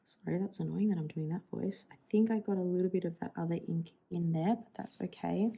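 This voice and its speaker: A woman's voice: fairly low pitch, fairly even intonation, fairly quick, vocal fry, mellow, slightly rough. A woman in her thirties chatting casually and thinking aloud while swatching inks for her channel, musing and self-deprecating. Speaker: stationery vlogger.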